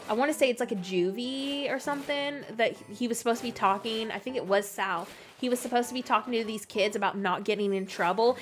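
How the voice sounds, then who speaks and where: A woman's voice: medium pitch, a bit bright. A chatty woman in her thirties with a mixed Canadian and Southern Louisiana accent, laughing often as she answers viewer comments while playing a game. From Canada, near Vancouver. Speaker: gaming content creator.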